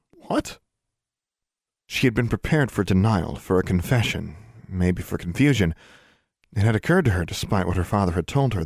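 A man reads a novel aloud in a measured, even storytelling way, his voice sitting deep in the low range. The sound is dry and close, with no room echo at all. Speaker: narrator. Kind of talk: audiobook narration.

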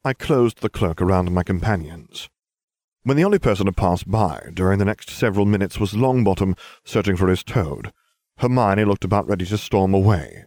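A man's voice: low-pitched, expressive, normal speed, a little mellow, no room sound. A man reading a first-person story aloud with a dry, wry delivery. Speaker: reader.

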